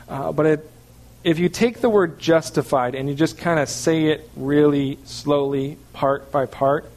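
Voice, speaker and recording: A man preaching a sermon, explaining scripture in an earnest teaching manner and checking in with his listeners. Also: fairly high pitch. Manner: earnest teaching with frequent "okay" check-ins. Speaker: pastor.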